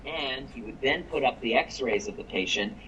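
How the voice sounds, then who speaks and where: A man, a chiropractic coach and guest, telling a story on a live call in an energetic way, quoting people as he goes. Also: medium pitch, normal speed, highs cut off, a little hiss or hum. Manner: energetic, quotes people in the story, repeats words when excited.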